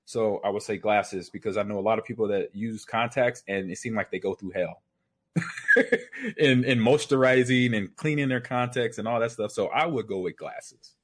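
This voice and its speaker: A man co-hosting a casual gaming podcast, telling stories in an animated way and laughing often. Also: on the low side, a little fast, few pauses. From Houston, Texas. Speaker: podcast co-host.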